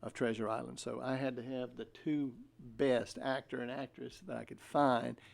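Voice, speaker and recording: A man with a gravelly, creaky voice talks about his show with real enthusiasm. He explains with asides and the odd chuckle, at a middle pitch. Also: little pitch movement, moderate pace. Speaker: theater director. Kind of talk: casual interview talk.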